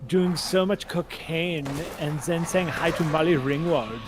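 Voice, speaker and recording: Guy doing a fake european accent, slow drawly party boy, noisy stream audio. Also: on the high side, close to an everyday voice. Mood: boastful. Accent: generic European, put on. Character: vapid party-loving European man.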